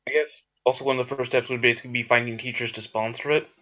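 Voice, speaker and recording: A man in a tabletop role-playing game, thinking aloud in character and restarting his sentences. His bright voice comes through a dull, lo-fi microphone. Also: medium pitch, steady tone, very fast. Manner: rambling with restarts. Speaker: player.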